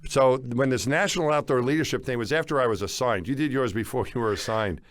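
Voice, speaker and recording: A man in his fifties co-hosting a podcast, recounting stories with lively, animated energy in a casual chat. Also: mid-range voice, quick pace, no echo. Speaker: podcast co-host.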